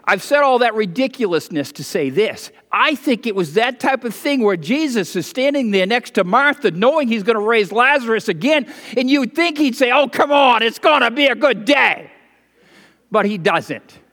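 A pastor delivering a sermon, telling stories with lively, rambling asides before coming back to scripture. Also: male voice, very high-pitched, moderate pace, hardly any pauses. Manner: animated, digressive storytelling with asides. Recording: long reverb of a hall.

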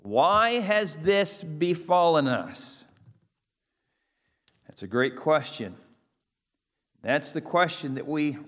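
A man's voice: mid-range voice, a bit bright. A male pastor preaching a sermon, reading scripture with rising emphasis and asking his listeners to repeat phrases after him. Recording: long hall reverb.

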